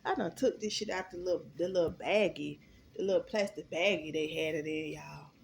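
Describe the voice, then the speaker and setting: Animated, swearing woman telling a story. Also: low-pitched, fairly quick, gravelly, slight background noise. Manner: animated, profane and emphatic. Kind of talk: storytime vlog.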